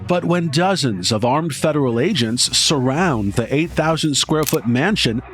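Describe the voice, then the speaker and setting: Brief: male documentary narrator, suspenseful and dramatic, slightly high, over music. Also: expressive, unhurried, fairly bright tone. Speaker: podcast host and narrator.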